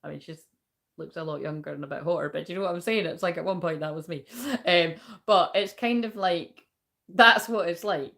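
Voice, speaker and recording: Woman tarot reader, lower-pitched voice, rambling and chatty with frequent swearing; casual spiritual reading. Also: fairly quick, creaky, a bit bright.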